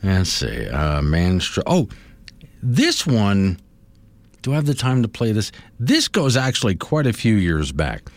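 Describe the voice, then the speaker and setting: A man's voice: fairly low pitch, huge pitch swings, a little slow, no echo. A middle-aged man hosting a morning radio show, rambling and self-amused. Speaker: radio host.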